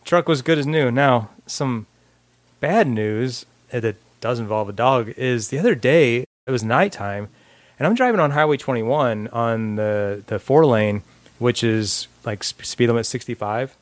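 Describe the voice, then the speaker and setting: A man co-hosting a podcast, telling a story in relaxed casual chat with lots of fillers and restarts. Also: mid-range voice, measured pace, dry recording. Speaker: podcast co-host.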